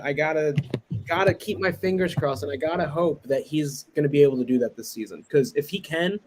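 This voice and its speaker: A man's voice: on the high side, a little hiss or hum. A man on a sports podcast giving eager, hopeful analysis of a player. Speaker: podcast panelist. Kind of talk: casual sports podcast chat.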